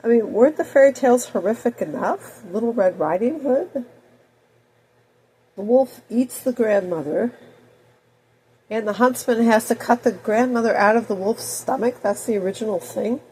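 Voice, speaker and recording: Woman, fifties, head cold, digressive, loud then muttering, slightly high voice. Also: normal speed, a little hiss or hum, rough recording. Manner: digressive, swings between loud outbursts and soft mutters. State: has a cold. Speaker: video blogger. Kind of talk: rambling personal monologue.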